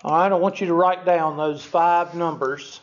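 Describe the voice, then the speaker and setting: A male teacher lectures a class in a folksy, self-deprecating way, checking in with "okay?" again and again. His voice sits a little high. The recording is dull and lo-fi. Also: fairly even intonation, normal speed. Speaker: statistics teacher.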